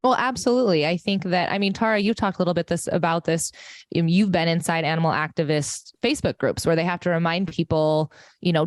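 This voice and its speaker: A woman from Nebraska and Montana on a video call, measured, with hesitant starts. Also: fairly low pitch, dry recording, studio quality. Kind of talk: casual discussion on a video call.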